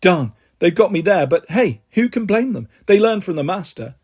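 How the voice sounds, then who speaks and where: A man reading a children's book aloud in an animated way, jumping to higher voices for the characters. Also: moderate pace, breathy edge. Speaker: storybook reader.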